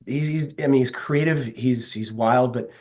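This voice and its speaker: A man's voice: medium pitch, moderate pace, a little mellow. A man from the northeastern United States, a guest telling stories in an earnest, enthusiastic way during a casual interview. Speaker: guest, metal vocalist.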